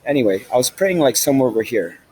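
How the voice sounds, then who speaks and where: A man talks at a middle pitch in a loose, rambling vlog monologue, swearing often and using street slang. He is recorded on a handheld phone inside a big indoor train station, with a faint hum behind him. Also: big pitch swings, quick pace, darkish tone, low-quality recording. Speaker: vlogger.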